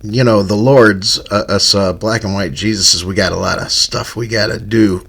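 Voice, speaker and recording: A man's voice: on the low side, steady tone, measured pace, vocal fry, a bit bright, slightly rough. A man hosting a comedy podcast, hesitant and stammering, cracking jokes as he talks. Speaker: podcast host.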